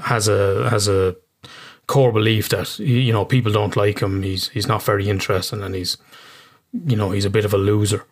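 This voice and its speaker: A man with an Irish accent, a therapist, explaining ideas casually in an interview, swearing freely and often restarting his sentences. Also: fairly low pitch.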